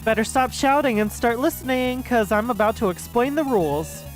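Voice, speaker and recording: A woman's voice: lively intonation, faint music behind, natural voice. Woman doing a cold, smug game-master man. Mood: taunting. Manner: mocking, smug, low and drawn-out. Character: cold expressionless masked male game master. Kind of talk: reading game dialogue aloud.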